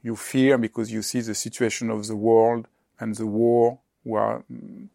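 Man, interviewer, gravelly voice, dry close sound, halting phrasing. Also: lowish voice, flat delivery, dark tone, no echo. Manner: halting, restarts sentences. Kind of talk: conversational questioning.

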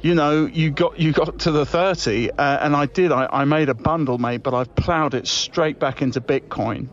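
A man's voice: fairly high pitch, moderate pace, highs cut off. A man leaving chummy, breezy comic voice messages, rambling with fillers and restarts. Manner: chummy and breezy, saying mate a lot. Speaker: comedy podcast co-host. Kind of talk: improvised comic voice-message monologue.

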